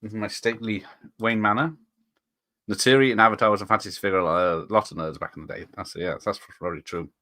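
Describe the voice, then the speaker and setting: A man's voice: on the low side, steady tone, fast talker, sharp tone, no echo. A man hosting a casual live stream, rambling and chuckling as he reads out viewers' chat comments.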